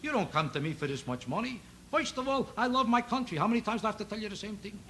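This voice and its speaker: A man doing a stand-up routine on a TV variety show, needling an audience member with quick rhetorical questions. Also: high voice, lively intonation. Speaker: stand-up comedian. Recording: loud noise on an old TV broadcast recording.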